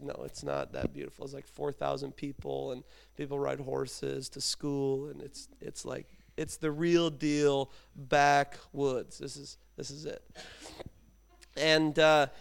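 High-voiced, animated man preaching. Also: smooth. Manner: animated storytelling with humor. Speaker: pastor. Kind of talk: sermon.

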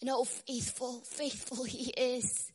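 A woman preaching a devotional sermon with a strained voice, dropping to hushed whispers and then rising to loud, fervent exclamations. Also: fairly high pitch, fairly even intonation, takes it slowly, breathy edge.

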